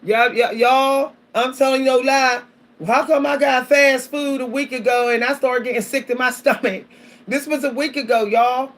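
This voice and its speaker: A woman's voice: sits high, fairly even intonation, normal speed. A woman vlogger talking casually and animatedly to her viewers, often repeating herself, calling out to them and laughing between points. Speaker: spiritual vlogger.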